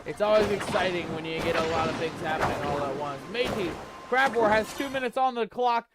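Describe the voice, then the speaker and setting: A man's voice: high voice, animated, fairly quick. A man streaming a cozy game, talking to his chat in a playful pirate-themed showman manner. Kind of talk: hyped live game stream commentary.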